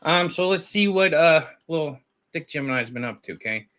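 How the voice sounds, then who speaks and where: A man's voice: a little high, animated, normal speed, a bit bright, smooth. Chatty laughing man retelling online drama. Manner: chatty, laughing, retells chats in quoted voices. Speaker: commentary channel host. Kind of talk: casual drama commentary.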